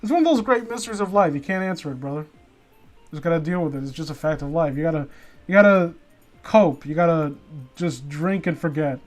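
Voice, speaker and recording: Young dude reading a story out loud, keeps ranting and swearing at it, kinda high voice. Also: male voice, brisk, faint music behind. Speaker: reader and commentator. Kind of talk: comedic dramatic reading with commentary.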